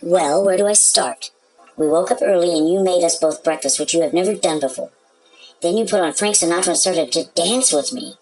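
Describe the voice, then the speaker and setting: An earnest, concerned wife in a scripted sketch, played by a woman with a somewhat low voice. She explains things patiently and sincerely to her husband. A faint music bed sits underneath. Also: a little fast, darkish tone, close to an everyday voice, rough recording. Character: devoted, puzzled wife in a skit.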